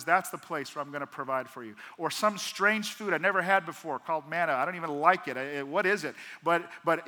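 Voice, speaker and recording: Male pastor, sermon delivery, bright piercing tone, long church-hall echo. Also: high-pitched. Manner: preaching with acted-out dialogue and rhetorical questions.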